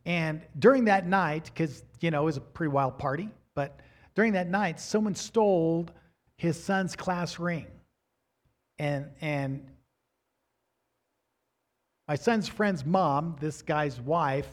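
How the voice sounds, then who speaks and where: Older pastor telling lively sermon stories. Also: male voice, fairly high pitch, moderate pace. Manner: animated storyteller acting out quoted voices. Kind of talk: sermon storytelling.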